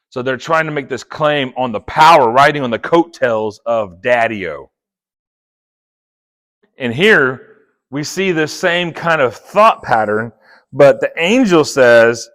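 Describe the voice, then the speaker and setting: A man preaching a sermon, playful and chatty, acting out quick quoted asides. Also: mid-range voice, expressive, a bit bright. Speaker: pastor.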